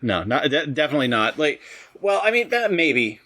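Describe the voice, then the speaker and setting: Blunt, lively-voiced podcast co-host. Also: male voice, fairly high pitch, moderate pace. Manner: blunt, swears freely. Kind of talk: casual chat.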